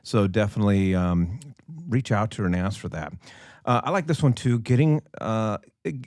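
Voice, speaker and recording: A man co-hosting a podcast, with a fairly low voice and a halting, joking manner full of small restarts. The sound is close and dry, with no room echo. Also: expressive, a little mellow. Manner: hesitant, lots of ums and restarts, joking. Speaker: podcast co-host, real estate. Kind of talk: casual podcast chat.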